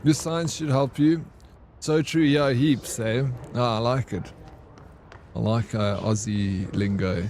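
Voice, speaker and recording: A man's voice: medium pitch, fairly even intonation, slow, a little mellow, slight background noise. A young man, chatting with his viewers while streaming a game and greeting them by name. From South Africa. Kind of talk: casual live-stream chat.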